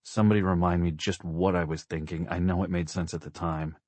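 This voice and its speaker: A man's voice: low-pitched, level tone, a little fast, a little mellow, no room sound. Man doing a wry, weary father at the wheel. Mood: exasperated. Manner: wry, mock-stern joking. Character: weary dad driving, dry and wry.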